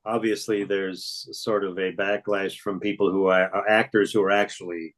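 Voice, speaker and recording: A man's voice: deep voice, flat delivery, moderate pace, low-quality recording. An older man, a voice actor, telling stories in a rambling, hesitant way during a casual interview. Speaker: voice actor guest.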